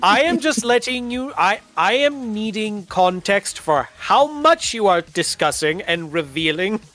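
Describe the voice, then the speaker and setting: A man narrating as game master of a tabletop game, describing characters with frequent ums and pauses. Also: high-pitched, animated, sharp tone. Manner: halting, filler-heavy description.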